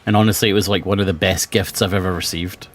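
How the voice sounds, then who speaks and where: A man's voice: sits low, fairly even intonation, fast talker, a little hiss or hum. A man streaming a game from home, casually muttering to himself and chatting with viewers, swearing now and then. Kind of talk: casual gaming stream chat.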